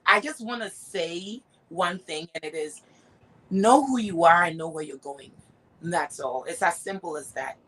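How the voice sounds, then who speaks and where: A woman's voice: fairly low pitch, moderate pace, fairly bright tone, breathy edge, poor audio. A woman guest on a live talk show, a singer and dancer, speaking in an upbeat, motivational way. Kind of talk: live interview.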